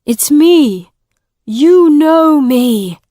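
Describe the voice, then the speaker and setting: An emphatic returned soldier pleads in a raised, higher voice, as a woman reads him aloud. The lines come out very slowly and close to the mic, with no room sound. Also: animated, warm tone, no room sound, full character voice. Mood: insistent.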